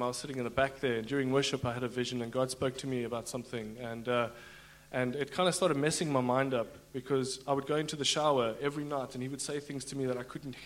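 A man telling his personal testimony in front of a church congregation, halting with many fillers and restarts. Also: medium pitch. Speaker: guest giving a testimony.

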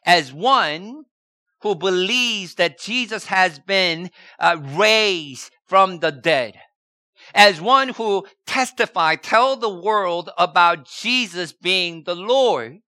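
Preaching unhurriedly, this pastor has a high, bright, forward voice and returns to rhetorical questions while repeating key words over and over. The sound is close and dry.

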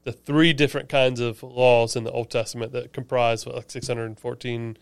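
A man's voice: medium pitch, level tone, a little fast, gravelly, clear, resonant tone, no echo. A man co-hosting a church podcast, chatting casually and enthusiastically about a sermon. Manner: conversational, enthusiastic, explains with asides. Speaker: podcast co-host, church staff.

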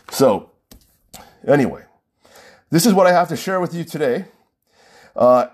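Heated husky man ranting. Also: a little high, darkish tone. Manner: outspoken, heated, repeats himself for emphasis. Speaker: wedding vendor addressing brides. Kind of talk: ranting direct-to-camera vlog.

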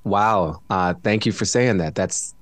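Speaking low and unhurried, this weary podcast guest talks casually from home into a studio microphone, and the recording is dry. He drifts into reflective asides, jokes around, and laughs a lot.

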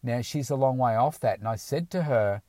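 A man coaching his listeners in an emphatic, motivational way, driving points home with repeated affirmations. His voice sits at an ordinary middle pitch. The recording is dry and close, with no room sound. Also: normal speed, dark tone, no echo. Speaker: weight-loss coach. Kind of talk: motivational talk.

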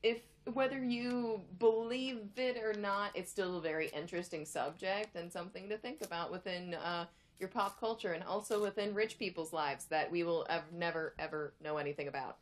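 A woman's voice: lowish voice, moderate pace. A young woman co-hosting a podcast in casual chat, thoughtful and rambling. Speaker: podcast co-host.

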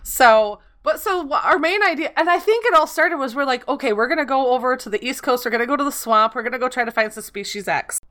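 Woman co-host, bright and animated, recounting game nights casually. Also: sits high, fast, hardly any pauses. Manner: animated storytelling with laughter. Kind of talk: casual gaming chat.

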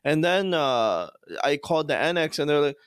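Guy ranting fast on his podcast, annoyed, throws in islamic phrases, dry close sound. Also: a little high, expressive, clear, resonant tone, dry recording. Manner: fast-talking, frustrated, venting. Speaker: podcast host. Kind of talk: casual monologue rant.

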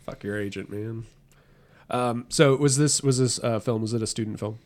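A man with a mid-range voice chats casually on a podcast. He teases his co-hosts and jumps in with short, quick remarks. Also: medium pitch, darkish tone. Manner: quick teasing interjections. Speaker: podcast co-host. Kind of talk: casual chat.

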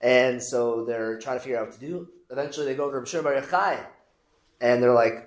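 A man hosting a casual talk, retelling a story in a lively, joking way. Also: medium pitch, fast, roomy sound. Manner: lively, jokey retelling with acted quotes. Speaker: host. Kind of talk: casual storytelling on the weekly portion.

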